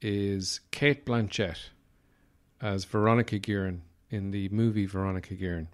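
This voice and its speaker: A man's voice: lowish voice, steady tone, normal speed, smooth. Rambling Irish man hosting a podcast. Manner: rambling and wry, with frequent fillers. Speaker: podcast host. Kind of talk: casual comedic monologue.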